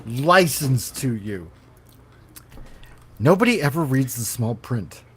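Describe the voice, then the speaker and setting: A man's voice: mid-range voice, sing-song, slow, slightly rough. A man hosting a casual podcast, reading gaming news with rambling, self-correcting sarcastic asides. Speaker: podcast host.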